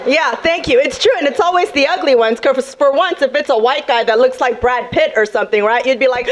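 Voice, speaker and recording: A young woman works a comedy club crowd through a handheld mic in a high voice. She is brash and sassy, and she speaks straight to the audience. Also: fairly quick. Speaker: stand-up comedian. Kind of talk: stand-up comedy set.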